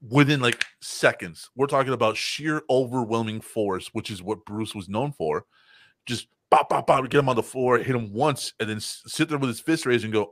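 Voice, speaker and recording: A man's voice: mid-range voice, no echo, clean studio sound. Swearing, laughing man telling stories. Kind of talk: casual comedic chat.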